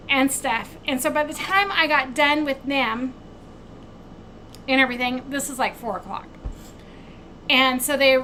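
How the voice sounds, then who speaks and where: A woman hosting a craft vlog, telling a long travel mishap in a casual, animated way and acting out the quoted back-and-forth. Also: high-pitched, slight background noise, rough recording. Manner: animated retelling, acts out quoted exchanges. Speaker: craft channel host.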